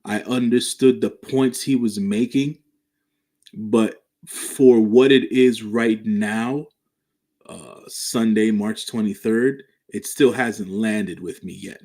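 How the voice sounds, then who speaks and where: A man co-hosting a wrestling podcast, speaking in a measured way that is full of fillers and restarts. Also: fairly low pitch, fairly even intonation, warm tone. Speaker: podcast co-host. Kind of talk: casual wrestling podcast chat.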